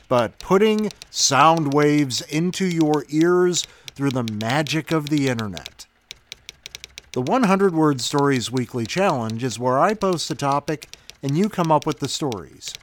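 A man's voice: fairly high pitch, slight background noise. A man hosting a podcast, introducing the week's stories in a chatty, upbeat way. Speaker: podcast host.

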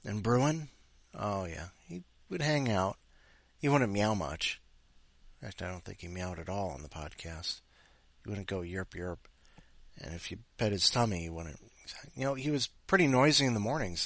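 A man hosting a podcast who rambles casually and playfully. His pitch moves around a lot, and the recording is dry and close. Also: animated, moderate pace, long pauses, fairly bright tone, no room sound. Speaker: podcast host. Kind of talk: casual chat.

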